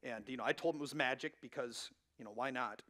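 A man's voice: mid-range voice, fast talker, bright, forceful tone. A man in his thirties preaching a sermon as pastor, in a conversational way with frequent asides to the room. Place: church.

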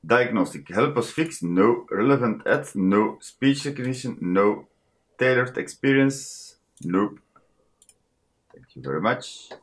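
Slow, lively man narrating setup. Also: mid-range voice. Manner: thinking aloud while clicking through setup menus. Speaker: tech channel host. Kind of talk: casual screen-recording commentary. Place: home.

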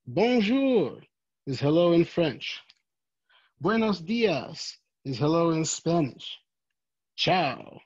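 A volunteer story reader with a mid-range voice reads a children's picture book gently and expressively, lifting her voice for the quoted greetings. The home recording sounds dull and lo-fi.

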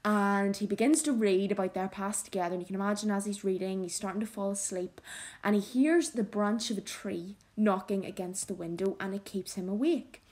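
A woman teacher reading a novel aloud and explaining it, in a measured, expressive storytelling manner. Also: medium pitch.

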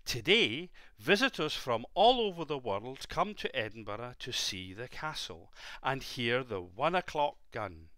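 Male storyteller for a child, slow and gentle, lively bright read. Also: medium pitch, no echo, clean studio sound. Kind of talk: bedtime story reading.

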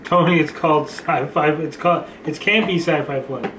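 A man's voice: a little high, normal speed, far from the mic, noisy background. A man hosting a casual gameplay session, joking, rambling and reading the game's text aloud. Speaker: let's play host. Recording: roomy sound from off-mic, game music. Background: game music.

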